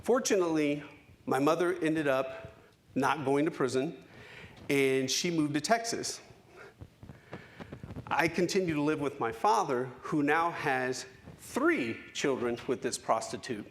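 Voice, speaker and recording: A man's voice: fairly high pitch, a little hiss or hum. Emphatic man telling a story on stage. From United States. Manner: dramatic pauses, emphatic storytelling. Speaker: keynote speaker. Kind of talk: storytelling keynote speech. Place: conference hall stage.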